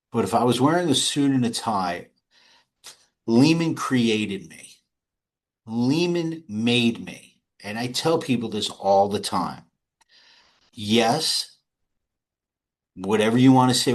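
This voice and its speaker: Middle-aged man, casual interview, rambling anecdotes, restarts, laughs. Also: medium pitch. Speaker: guest. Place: home or office.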